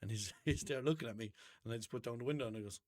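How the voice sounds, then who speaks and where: An Irish podcast host speaks at medium pitch, racing along with a darkish tone in a dry indoor recording. In casual chat he tells rambling stories and performs both sides of his own arguments.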